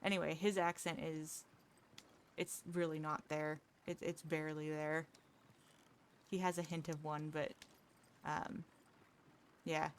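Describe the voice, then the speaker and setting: A woman's voice: deep voice, flat delivery, measured pace, pauses often, a little hiss or hum. A woman chatting casually with viewers during a game livestream, rambling, restarting her sentences and laughing easily. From United States. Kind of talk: casual chat with viewers while gaming.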